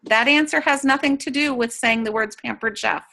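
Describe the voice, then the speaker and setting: Bright, high-voiced woman coaching sellers. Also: moderate pace, gravelly, slight background noise. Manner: upbeat, coaching, acts out sample chats. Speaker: sales trainer. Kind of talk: training talk to direct sellers. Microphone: video call.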